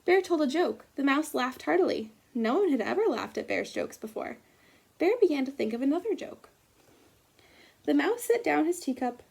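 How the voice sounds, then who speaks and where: High, gravelly woman reading to children. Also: sing-song, normal speed. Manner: gentle, asks children questions as she reads. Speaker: teacher reading aloud. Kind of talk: picture-book read-aloud for children.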